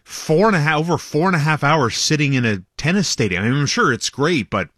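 A man's voice: fairly high pitch, lively intonation, a bit bright, dry recording. A man reporting sports on a radio morning show in a loose, chatty way, from a studio microphone. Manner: chatty, loose, quick asides. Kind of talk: casual radio sports chat.

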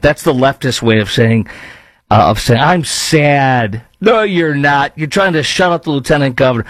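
A man's voice: mid-range voice, moderate pace, a bit bright, dry recording, low-quality recording. Sarcastic man giving political commentary. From lives in Dallas-Fort Worth. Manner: sarcastic, argumentative.

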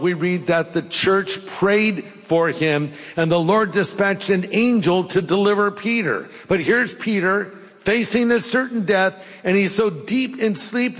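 A man's voice: high voice, a bit bright. Older male preacher in a big hall. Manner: folksy, jokey storytelling with pauses. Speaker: pastor. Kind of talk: sermon. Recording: long hall reverb.

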